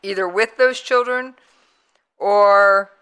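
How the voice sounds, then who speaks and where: A woman talk radio host with a bright, forward tone and an unhurried delivery. She talks in a conversational, emphatic way, leaning on pauses for effect. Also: medium pitch, steady tone, clear, resonant tone. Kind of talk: talk radio commentary with played clips.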